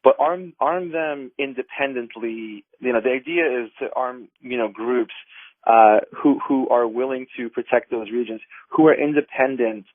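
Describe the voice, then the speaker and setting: An advocacy group director gives a radio interview over the phone, and the tinny call carries no room sound. His mid-range voice moves at a normal speed, and while he's earnest, he's full of fillers and restarts.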